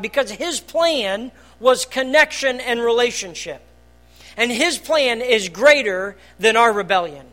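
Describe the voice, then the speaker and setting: Earnest preacher swinging from hushed to loud. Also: sits high. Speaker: pastor. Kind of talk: sermon. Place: church hall.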